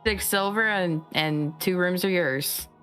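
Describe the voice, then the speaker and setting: A woman's voice: on the low side, slow pace, a bit bright, faint music behind. A woman voicing a jovial male elf innkeeper who keeps pushing ale on his guests. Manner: jovial, keeps offering more drink.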